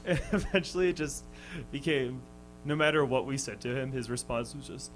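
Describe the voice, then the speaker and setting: A young man who tours as a band musician is a guest on a radio show, telling a story in the studio at a fairly quick clip and a medium pitch. He hesitates a lot, fills his talk with ums and restarts, and laughs often. Soft music plays behind him, and the recording is rough.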